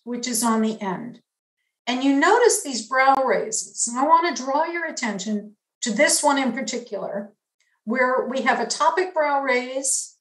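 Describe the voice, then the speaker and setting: Woman lecturer, slightly high voice, unhurried academic delivery, roomy reverb. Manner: measured, explanatory, demonstrating signs. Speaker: linguistics lecturer.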